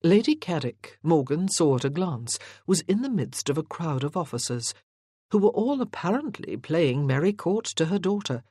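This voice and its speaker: A measured audiobook narrator reading a historical romance at an unhurried pace. The voice sits in a middle register and sounds dry and close to the mic, with no room around it. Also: mid-range voice, sing-song, dark tone, no echo.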